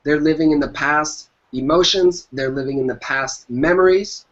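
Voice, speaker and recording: At normal speed, a slightly high, a bit bright male voice belongs to an entrepreneur guest being interviewed. He stresses motivational business advice and repeats his key phrases. Dull lo-fi sound.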